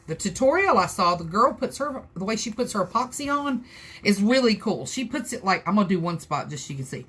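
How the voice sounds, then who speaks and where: A woman's voice: mid-range voice, fairly bright tone, husky. Chatty Southern woman crafter. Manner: chatty, rambling, folksy, talks to viewers. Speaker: crafter hosting a live tutorial. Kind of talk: casual how-to chat.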